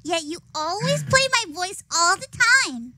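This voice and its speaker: A woman's voice: very high voice, very animated, unhurried, bright, forceful tone, a little hiss or hum. A woman streamer in casual, playful banter, teasing her co-host and turning mock-whiny.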